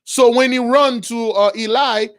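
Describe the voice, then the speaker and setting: Man with a high voice, informal religious storyteller, slangy, animated. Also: unhurried. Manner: animated, slangy, bursts of shouting. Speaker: preacher.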